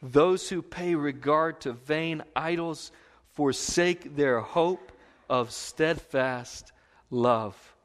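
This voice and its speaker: Lively preaching man in a reverberant hall. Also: a little high, drawn-out words. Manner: lively, conversational preaching with frequent laughs and emphatic repetition. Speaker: pastor. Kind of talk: sermon.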